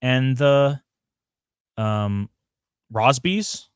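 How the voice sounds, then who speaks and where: A man's voice: mid-range voice, lively intonation, extremely slow, smooth, no room sound, studio quality. A man co-hosting a TV review livestream, talking casually, rambling and searching for names, with frequent laughs. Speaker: podcast co-host. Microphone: home mic on a livestream.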